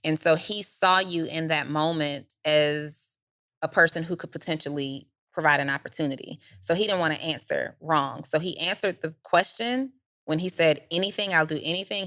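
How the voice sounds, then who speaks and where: A woman's voice: low voice, moderate pace, a bit bright, no room sound, clean studio sound. A middle-aged woman co-hosting a business podcast, giving direct step-by-step advice. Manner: direct, advising, explains step by step. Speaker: podcast co-host, business coach. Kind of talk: casual chat, advice.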